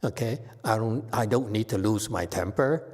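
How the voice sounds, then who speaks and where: A man giving an informal Dharma talk as a Buddhist teacher, halting and often checking in with "okay?". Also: lowish voice, darkish tone. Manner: slow, halting, frequent "okay?" tags. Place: temple hall.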